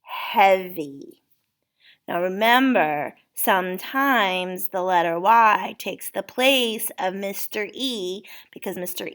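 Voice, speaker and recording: A woman's voice: medium pitch, a bit bright. A woman teaching a spelling lesson, patiently sounding out words letter by letter for a child.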